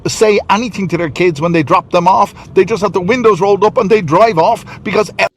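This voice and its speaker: A man with a slightly high voice vlogs into a handheld camera as he drives and walks around a city. He rambles and repeats himself, sounding self-satisfied, with a faint hum of traffic behind him. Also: a little fast. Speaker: vlogger. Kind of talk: walking vlog monologue. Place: outdoors in a city street and car.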